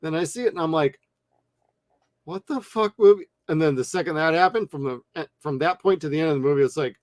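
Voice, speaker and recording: A man co-hosting a movie review show, talking casually and bluntly with lots of swearing and animated retellings. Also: on the high side, rapid-fire, no echo, clean studio sound. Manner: blunt, profane, animated storytelling. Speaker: movie review podcast co-host.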